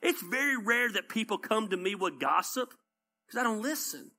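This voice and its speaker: Animated Southern pastor preaching. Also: male voice, high voice, moderate pace. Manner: animated storytelling, repeats points for emphasis. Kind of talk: conversational sermon.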